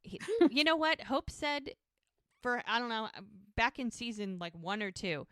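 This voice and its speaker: On a podcast, a woman co-host casually retells a TV episode scene by scene, quoting the characters along the way. Her voice is on the high side, animated, and a little slow, with a fairly bright, clear, resonant tone in a dry, studio-quality recording.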